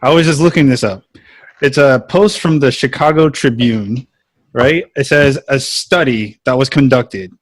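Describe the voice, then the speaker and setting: A man hosting a casual podcast, reading a news item aloud with halting fillers. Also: medium pitch, no room sound. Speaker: podcast host. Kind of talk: casual chat.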